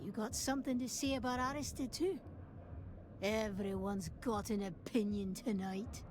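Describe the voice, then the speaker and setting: A woman's voice: mid-range voice, steady tone, moderate pace, background noise, lightly acted. An actress playing a defensive woman bar patron in a game, speaking sharply. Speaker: game character.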